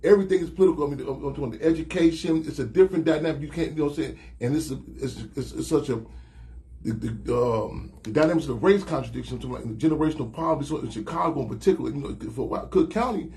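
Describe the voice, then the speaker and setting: A man talking as a show guest, in rapid bursts with many restarts and filler phrases. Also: on the high side, dark tone. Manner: rapid, repeats "you know what I'm saying", many restarts. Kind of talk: casual talk show chat.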